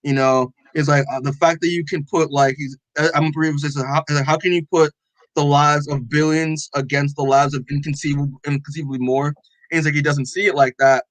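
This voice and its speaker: A man's voice: fairly high pitch, little pitch movement, brisk, no echo, rough recording. A man co-hosting a podcast, casually recapping a comic with lots of "like" and acted-out dialogue. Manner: rambling, full of "like" and quoted dialogue. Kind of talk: casual chat.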